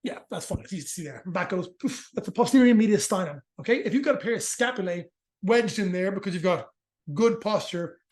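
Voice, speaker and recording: Fast-talking, profane, high-voiced man. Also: lively intonation, darkish tone. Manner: fast, profane, joking explanations. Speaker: movement and rehabilitation practitioner, guest. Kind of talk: casual explanatory interview talk.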